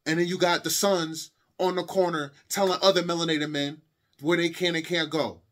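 A man's voice: fairly high pitch, flat delivery, moderate pace, a bit bright. A young adult man giving a heated monologue to camera, impassioned and repetitive, lecturing his viewers. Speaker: video commentator.

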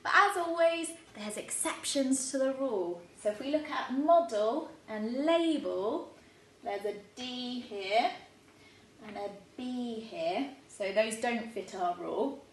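A woman with an English accent, a primary school teacher giving a spelling lesson to young children at a chalkboard, talking in a bright, encouraging way and sounding every word out clearly. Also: a little high, animated, slow pace, recorded from a distance, a little hiss or hum. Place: classroom with a chalkboard. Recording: echoey room, voice away from the mic.

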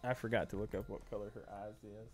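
A man's voice: lowish voice, fairly even intonation, fast, soft background music. A man hosting a live drawing stream, chatting casually and laughing often. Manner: jokey, laughs often, puts on silly voices. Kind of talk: casual chat while drawing.

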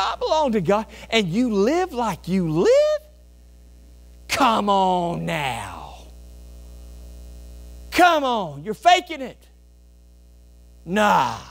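A man preaching a sermon as pastor in a church, emphatic, with sudden loud bursts and folksy storytelling asides. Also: high voice. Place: church sanctuary.

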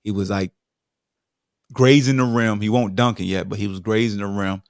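A man from Virginia, a former football player, telling stories in a lively way and acting out the voices of the people in them. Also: lowish voice, normal speed, dry recording, studio quality. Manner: lively, acts out voices in his anecdotes. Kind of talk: animated storytelling interview.

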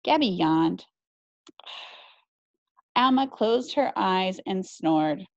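A woman teacher reading a children's novel aloud in an expressive storytelling way. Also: medium pitch, extremely slow, a little hiss or hum. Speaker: middle school teacher. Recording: dry, slightly muffled recording.

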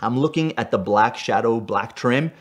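A man from Puerto Rico telling a personal car story in an animated way. He gets worked up as he goes and often checks in with "right?". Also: medium pitch, normal speed. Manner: excitable, tags lines with "right?", gets worked up as he tells it. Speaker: stunt driver telling car stories.

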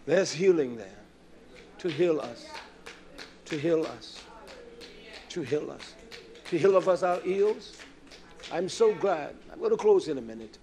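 A man in his fifties preaching a sermon, swinging between loud outbursts and quiet low asides. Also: animated, unhurried, long pauses. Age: 50s. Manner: impassioned, swinging from shouts to low murmurs.

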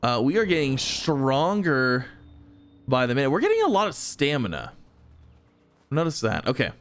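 Lively excitable young man gaming. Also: mid-range voice, moderate pace, soft background music. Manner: excitable, talks to enemies, chuckles often. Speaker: gaming YouTuber. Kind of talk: let's play commentary.

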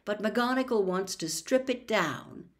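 A woman's voice: medium pitch, expressive, unhurried, close to an everyday voice. A woman voicing a weary, subdued teenage boy in a storybook reading. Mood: gloomy. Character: gloomy teenage boy wizard.

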